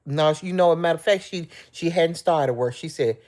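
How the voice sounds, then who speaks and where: This middle-aged woman hosts a livestream, talking to her viewers in a heartfelt, emotional way during casual chat. Her voice sits low with a darkish tone, and she speaks fairly quickly.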